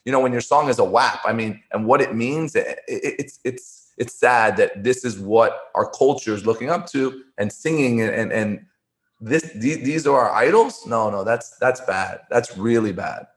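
In a conversational interview, a former poker player tells stories at a moderate pace with a mid-range voice. He comes across as earnest, repeating words and restarting his phrases.

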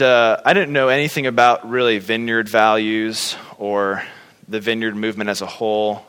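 A man's voice: lowish voice, bright, forceful tone, smooth. A man telling a personal faith story in a casual, chatty way, with lots of fillers and acted-out reactions. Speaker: speaker sharing a testimony. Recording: long hall reverb.

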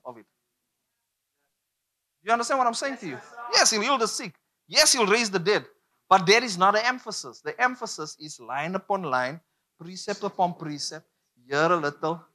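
A man's voice: sits high, sharp tone. A man preaching a sermon, emphatic and repetitive, drawing call-and-response from the congregation.

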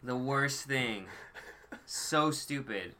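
A man's voice: medium pitch, animated, extremely slow, bright, forceful tone. A man being interviewed as an actor, telling stories casually and animatedly with laughter. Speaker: actor guest.

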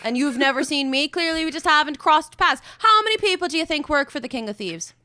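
A woman voicing a brash, smooth-talking female rogue who bluffs her way past guards, glib and needling. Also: sits high, expressive, brisk, pushed and bright, no room sound. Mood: smug bluffing. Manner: glib, needling, confidently argumentative.

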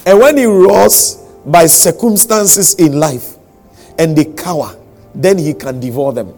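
Emphatic preacher, faint music. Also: male voice, on the high side, a little slow, dark tone. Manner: emphatic, repeats key lines, acts out quotes. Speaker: pastor. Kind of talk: sermon.

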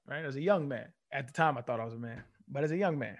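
A man's voice: medium pitch, quick pace. A man from California, a former athlete, telling stories as an interview guest and acting out the people he quotes. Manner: animated storyteller who acts out quotes. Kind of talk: casual interview storytelling.

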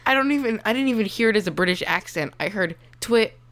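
A woman's voice: medium pitch, animated, quick pace, fairly bright tone. A woman co-hosting a podcast in casual chat, jokey and rambling, laughing often. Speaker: podcast co-host. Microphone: remote call mic.

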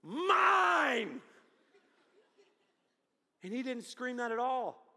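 A man in his thirties preaching a sermon with lots of energy, swinging from loud to hushed. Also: high voice, animated, normal speed, big-room sound. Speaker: pastor.

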